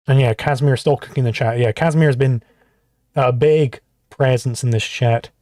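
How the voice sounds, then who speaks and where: A man hosting a livestream, talking in an exasperated rant full of swearing. His voice sits at an ordinary pitch and sounds close and dry, with no room around it. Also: fairly even intonation, moderate pace, warm tone, no room sound. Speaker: livestream host reacting to clips. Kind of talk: profane livestream commentary.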